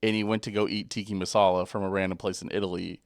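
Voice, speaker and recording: Teasing low-voiced young man. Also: little pitch movement, fast talker, smooth, no echo, clean studio sound. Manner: teasing, plays skeptic. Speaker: podcast co-host. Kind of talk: casual banter.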